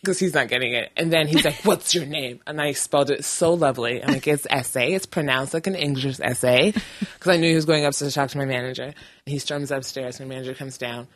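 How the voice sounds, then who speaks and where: Low-pitched woman telling a story, acts out voices and laughs a lot, dry close mic. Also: quick pace, dry recording. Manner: animated, acts out quotes, laughs often. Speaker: podcast guest telling a work story. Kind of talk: casual chat, comic storytelling.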